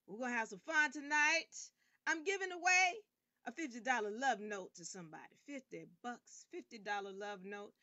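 A woman hosting an online game show livestream. She talks emphatically and sometimes bursts out loudly. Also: a little high, normal speed, no echo, muffled recording. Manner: animated and emphatic, bursts into loud outbursts. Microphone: camera rig.

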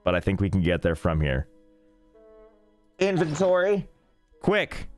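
A young man talks his way through a game stream in a somewhat low voice, dropping deadpan jokes and rambling asides. Faint game music runs quietly beneath him. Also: quick pace. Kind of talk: casual gameplay streaming.

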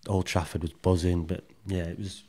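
A man's voice: low voice, flat delivery, moderate pace, dark tone, breathy edge. A man guest on a podcast, telling rambling anecdotes bluntly and swearing freely. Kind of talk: casual storytelling interview.

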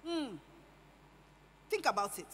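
A middle-aged Nigerian woman pastor preaching a sermon, animated and full of rhetorical questions. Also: on the high side, takes it slowly. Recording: reverberant hall with faint noise.

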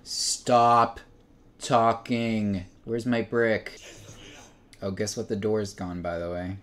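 A man's voice: on the low side, little pitch movement, slow pace. Exasperated young man streaming a game. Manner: exasperated, shouts and laughs in bursts. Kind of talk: frustrated gameplay commentary.

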